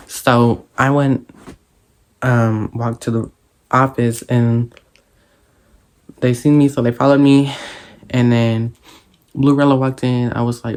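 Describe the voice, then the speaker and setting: A young man vlogger telling a school drama story in a casual, sassy, animated way. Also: medium pitch, takes it slowly, pauses often, clean tone.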